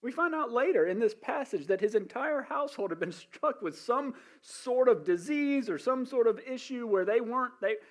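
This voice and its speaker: A male pastor preaching a sermon, telling the story in an animated way with asides and restarts. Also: extremely high pitch, moderate pace, few pauses.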